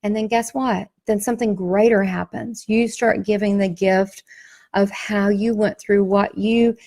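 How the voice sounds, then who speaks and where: A psychic medium and workshop host with a Southern US accent promotes her class in motivational style. Her mid-range voice is unhurried, and she tells stories in an emphatic, folksy, animated way.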